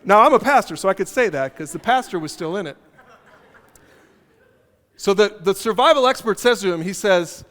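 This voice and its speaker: Male pastor, high voice, animated and joking, conversational sermon, hall reverb. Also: moderate pace, pauses often. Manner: animated storytelling with humor, repeats key phrases. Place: church auditorium.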